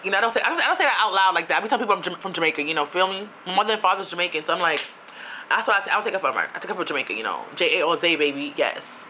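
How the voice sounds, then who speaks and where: A woman's voice: lowish voice, lively intonation, racing, pushed and bright, a little hiss or hum. A young woman from Queens in New City, telling a rambling storytime with lots of asides. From New York City (Queens). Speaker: vlogger.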